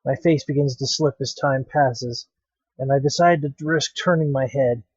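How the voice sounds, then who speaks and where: A man's voice: mid-range voice, moderate pace, slightly rough, no echo, dull audio. A man hosting a let's play, reading a visual novel aloud with dramatic, wry narration.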